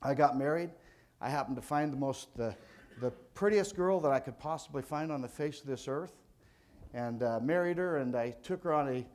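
A man's voice: mid-range voice, moderate pace, darkish tone. An older man from California, an insurance agent giving a motivational speech to a sales audience in a folksy, conversational storytelling manner.

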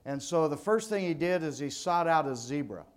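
A man's voice: on the high side, animated, normal speed. An older man from California, an insurance agent giving a motivational speech to a sales audience in a folksy, conversational storytelling manner.

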